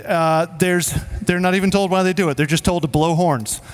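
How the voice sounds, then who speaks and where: A man preaching a sermon as pastor, in a casual, joking way with quick asides to the congregation. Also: high-pitched. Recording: long reverb of a hall.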